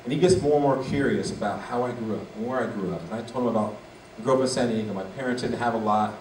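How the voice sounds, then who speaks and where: A man in his forties delivering a motivational speech as a guest speaker, animated and acting out the dialogue in his story. His voice is mid-range. The sound rings through an echoey hall, caught by a distant mic with faint background noise. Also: mid-range voice, fast.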